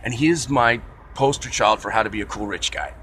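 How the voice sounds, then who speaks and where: A man's voice: on the low side, fairly quick, fairly bright tone, slight background noise. A man vlogging a casual, rambling rant with a sarcastic, wry manner.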